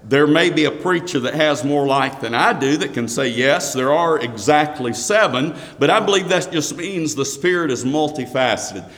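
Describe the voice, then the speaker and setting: A man preaching a sermon. He reads scripture aloud in a raised voice, then explains it slowly. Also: fairly high pitch, lively intonation, fairly bright tone, long reverb tail.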